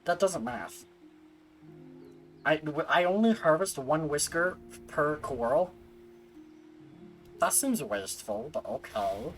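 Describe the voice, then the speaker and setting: A woman streamer talks loosely and playfully to her viewers while she plays, joking at her own expense. Her pitch jumps around a lot, and faint music runs behind her voice. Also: lively intonation, slow pace, pauses often, poor audio. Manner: playful, self-mocking, chatting with viewers. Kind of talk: casual game streaming chat.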